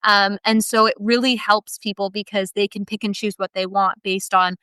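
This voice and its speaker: Smooth-voiced woman telling heartfelt stories. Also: mid-range voice, little pitch movement, moderate pace, bright, forceful tone, no room sound. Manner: heartfelt, rambling storytelling with restarts. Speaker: guest, team member of a dressage education business. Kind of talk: casual podcast interview storytelling.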